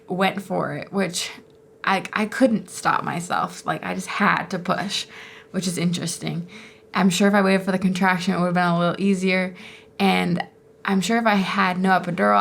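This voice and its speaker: A young woman talks through a personal story in a relaxed, rambling way, dropping in "like" and little laughs. Her voice sits at a middle pitch with a noticeable vocal fry running through it. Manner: chatty, full of "like" and fillers, laughs often. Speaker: vlogger sharing her birth story.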